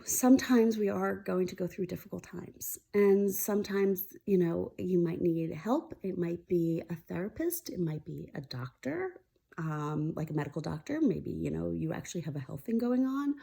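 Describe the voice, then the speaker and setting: Warm gravelly-voiced woman confiding. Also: mid-range voice. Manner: candid, confiding, speaking openly about feelings. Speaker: host of a weekly mindfulness talk. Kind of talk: casual heartfelt chat to camera.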